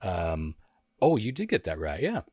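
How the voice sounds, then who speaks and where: Guy hosting a lyrics quiz, laughs a lot, very dry close sound, lots of pitch swing. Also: wildly swooping pitch, measured pace, a little mellow, no echo. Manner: playful, laughs often, sings lyrics in a high falsetto. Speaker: host running a lyrics quiz. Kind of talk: casual podcast chat.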